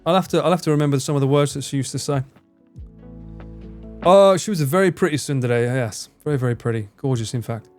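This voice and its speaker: A man's voice: medium pitch, fast talker, a little mellow, faint music behind. Rambling man, sweary. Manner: rambling, swears freely, laughs often. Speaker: livestreamer. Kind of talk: casual chat reading out and answering live chat.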